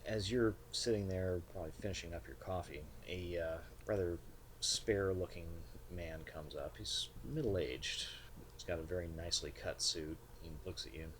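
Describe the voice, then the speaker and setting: A man narrating a tabletop game as game master, in a relaxed storytelling way with fillers. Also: deep voice, moderate pace, a little hiss or hum.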